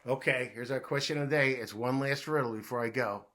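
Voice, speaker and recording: A man reading a children's riddle book aloud in a playful way, posing each riddle and then answering it himself, dropping to a hushed voice when he plays the puzzled guesser. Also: mid-range voice, fairly quick, slight background noise.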